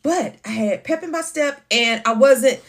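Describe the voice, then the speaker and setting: A woman chats through a casual morning livestream, calling out viewers by name and leaning on endearments like honey and baby. Her voice sits a little high and leaps up in excited bursts. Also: a little slow. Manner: lively, swings up high in exclamations. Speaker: livestream host.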